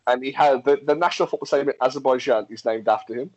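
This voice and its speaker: A man's voice: mid-range voice, rapid-fire, no room sound, low-quality recording. Guy chatting on a podcast, dry close sound, lots of restarts. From England. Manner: animated, reads facts aloud, frequent restarts and laughs. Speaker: podcast co-host. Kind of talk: casual chat.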